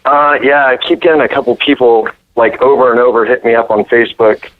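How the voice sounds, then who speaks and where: A man's voice: mid-range voice, fairly even intonation, brisk, no echo. Male caller, laid-back, brief replies, muffled dry phone line. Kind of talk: casual chat.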